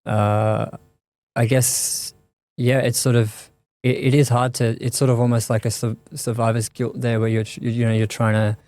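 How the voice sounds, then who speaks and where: A man speaking as an interview guest, thoughtful and halting, often restarting his sentences. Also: medium pitch, flat delivery, darkish tone, no echo. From Australia. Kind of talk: reflective conversational interview.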